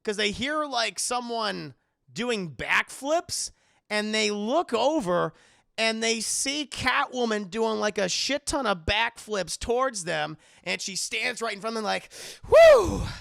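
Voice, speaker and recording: A man streaming a casual movie recap to his live chat, animated, swearing and laughing as he tells it. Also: sits high, unhurried, vocal fry, no echo, studio quality.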